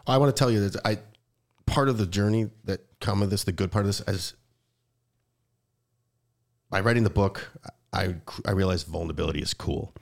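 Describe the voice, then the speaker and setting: Deep gravelly male podcast host. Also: a little fast, pauses often. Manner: emotional, rambling with frequent restarts. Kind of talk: heartfelt conversational interview.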